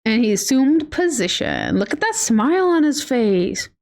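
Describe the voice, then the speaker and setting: A woman's voice: a little high, big pitch swings, a little slow, darkish tone. A woman streaming a game and chatting casually, rambling through playful stories with lots of fillers and a giggly, affectionate manner. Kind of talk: casual gameplay chat.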